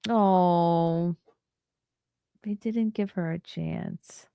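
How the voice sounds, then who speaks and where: A woman in her thirties hosts a casual livestream in a low, gravelly voice, reading headlines and chat messages aloud. She adds wry, chatty asides as she goes. She sounds tired, and the close recording is dry. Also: expressive, normal speed, dry recording. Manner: chatty and wry, laughs and ad-libs between reading. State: tired, yawning. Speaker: livestream host. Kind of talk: casual livestream commentary, reading news and chats.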